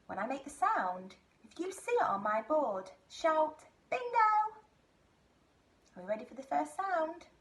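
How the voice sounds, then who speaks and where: A woman teaching a phonics lesson to small children, talking in a slow, exaggerated, sing-song way. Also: high-pitched, big pitch swings. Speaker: nursery teacher.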